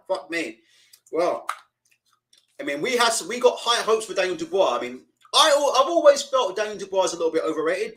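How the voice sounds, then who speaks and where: High-voiced swearing man. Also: a bit bright, rough recording. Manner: swearing, rambling, reads chat aloud. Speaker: live stream host. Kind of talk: casual live-stream commentary.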